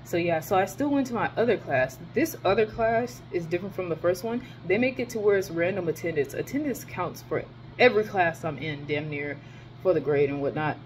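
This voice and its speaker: A woman's voice: fairly low pitch, fairly quick, slight background noise. Profane, fired-up young woman ranting. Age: young adult. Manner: animated, profane, emphatic storytelling. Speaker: college student vlogger. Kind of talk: casual ranting vlog.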